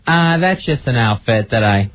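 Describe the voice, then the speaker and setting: A man co-hosting a talk radio show, dry and deadpan. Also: medium pitch, normal speed, narrow, tinny audio. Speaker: radio co-host.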